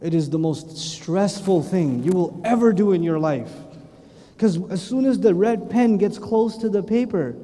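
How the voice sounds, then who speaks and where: A man delivers a religious lecture with a high, mellow voice. He talks in an animated storytelling way full of quick asides. His voice carries a long hall reverb. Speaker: Islamic lecturer.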